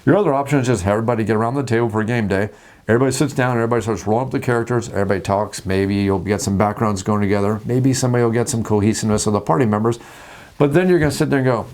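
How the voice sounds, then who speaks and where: A man hosting a casual talk about tabletop games, jokey and animated, acting out scenes at the table. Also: fairly low pitch, rapid-fire. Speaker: host.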